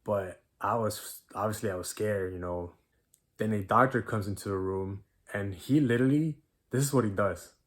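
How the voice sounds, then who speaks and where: A man's voice: fairly low pitch, moderate pace. Man telling his story casually. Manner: animated retelling with slang and quoted dialogue. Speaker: vlogger.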